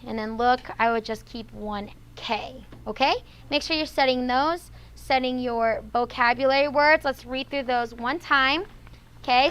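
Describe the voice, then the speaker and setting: A woman teaching a classroom lesson, with a high, bright voice that stays smooth and clear. She explains step by step and adds a checking "okay?" after each point. She sounds patient and instructive. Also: rough recording. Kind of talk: classroom vocabulary and spelling lesson.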